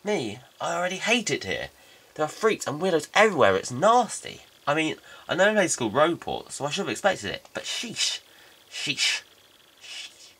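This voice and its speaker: A man's voice: a little high, sing-song, normal speed, a bit bright, husky, exaggerated voice. A man voicing a sassy, blunt young female student in a game, talking chattily. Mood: snarky.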